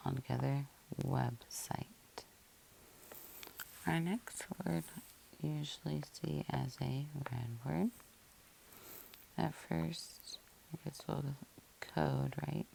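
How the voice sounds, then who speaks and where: A woman's voice: deep voice, fairly even intonation, slow pace, vocal fry, long pauses, warm tone, slight background noise. A woman teacher giving a patient, methodical phonics lesson, breaking words into syllables and spelling them out letter by letter.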